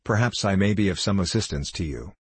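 A man's voice: low-pitched, brisk, husky, no echo. A man reading the part of a kindly, earnest male scholar who plays a polite and formal host, in a storybook reading. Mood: courteous. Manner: courteous, formal.

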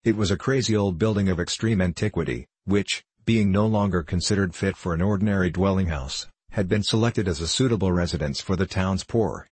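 Deep husky male narrator. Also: a little mellow, no echo. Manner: measured, formal storytelling. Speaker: audiobook narrator. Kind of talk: scripted narration.

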